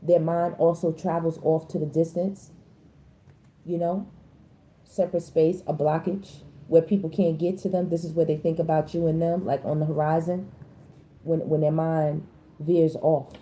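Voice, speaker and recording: A woman, doing a casual tarot reading in a blunt, slangy and animated way. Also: normal speed. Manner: animated, slangy, blunt, with sudden high-pitched exclamations. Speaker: tarot reader.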